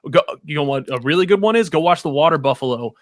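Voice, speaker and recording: A man's voice: a little high, lively intonation, fast talker, dry recording, clean studio sound. A man co-hosting a podcast, giving opinionated, rambling explanations full of restarts and examples. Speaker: podcast co-host. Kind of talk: casual podcast chat.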